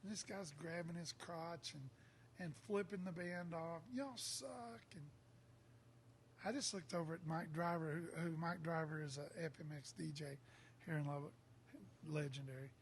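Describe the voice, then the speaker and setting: An older man with a drawl spins a rowdy tale, jumping into other voices as he goes. His voice sits fairly high for a man. A faint hiss of noise runs under it. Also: moderate pace. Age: 60s. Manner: lively storyteller acting out quotes. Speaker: songwriter guest. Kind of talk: casual storytelling.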